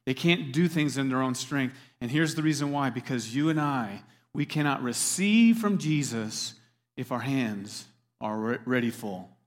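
A man's voice: medium pitch, measured pace. A man preaching a sermon as a pastor, earnest, repeating words as he stresses his points. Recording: long hall reverb.

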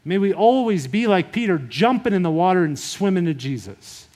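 A man preaching a sermon in a conversational, animated retelling style. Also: sits high, normal speed. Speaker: pastor.

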